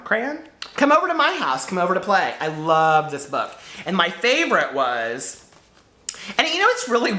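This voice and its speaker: A giggly, nostalgic man gushes about childhood favorites in casual chat to camera. His voice is bright and very lively, swinging up and down. The room around him is echoey. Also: a little high, slight background noise. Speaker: book vlogger.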